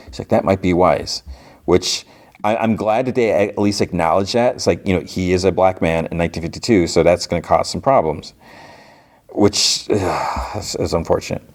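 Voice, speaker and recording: Man, podcast host, low voice, chatty recap, quotes the characters, lots of ums. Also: a little mellow. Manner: chatty retelling, quoting characters with lots of fillers. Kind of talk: casual episode recap.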